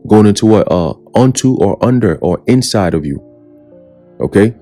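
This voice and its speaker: A man's voice: on the low side, animated, normal speed, warm tone, faint music behind. A man preaching a scripture sermon, emphatic and full of rhetorical questions, often checking in with "okay?" and "right?", sometimes taunting. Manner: mocking, taunting tone at times.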